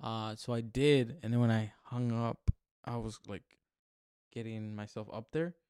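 A man's voice: mid-range voice, measured pace, darkish tone, clean tone. Male podcast co-host, protests his innocence, casual and profane. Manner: defensive, swearing, laughing. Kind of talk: casual storytelling chat.

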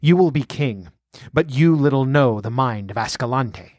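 A man voicing a proud, bitter male sorcerer held as a slave, speaking in a grave, measured way. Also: medium pitch, expressive, darkish tone, no echo, studio quality, close to an everyday voice. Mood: scheming.

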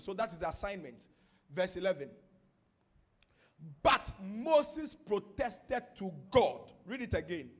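A man's voice: sits high, very animated, takes it slowly, long pauses. A Ghanaian man preaching a sermon as pastor, teaching from scripture and building up to fervent declarations. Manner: builds from quiet teaching to shouted prophetic declarations.

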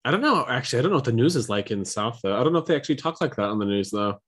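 A man's voice: medium pitch, lively intonation, racing, fairly bright tone, husky. A man from Missouri co-hosting a podcast, telling stories in a rambling casual chat with frequent restarts. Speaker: podcast co-host.

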